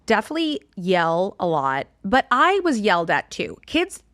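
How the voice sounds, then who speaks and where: A woman's voice: mid-range voice, big pitch swings, normal speed, fairly bright tone, no room sound. Casting note: woman in her 40s, candid chatty guest, swears and laughs, very dry close sound. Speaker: podcast guest. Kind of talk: casual chat.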